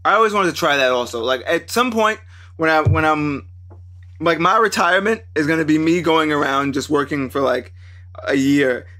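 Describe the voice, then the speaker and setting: Bright-voiced man hosting a casual chat. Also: on the high side. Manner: laid-back, profane, quick reactions. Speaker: podcast host.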